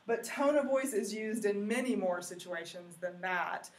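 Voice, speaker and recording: A woman's voice: medium pitch, normal speed. A woman teacher giving a recorded lesson, explaining step by step with many ums and uhs. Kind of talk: recorded classroom lecture. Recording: roomy, mic far off.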